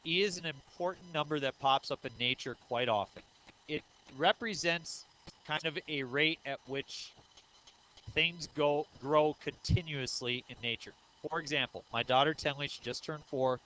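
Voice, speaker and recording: A man's voice: medium pitch, bright, forceful tone, poor audio. A man in his thirties giving a recorded math lecture, explaining step by step and asking the class questions, with frequent 'uh' and 'um'. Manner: says 'uh' and 'um' often. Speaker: math teacher.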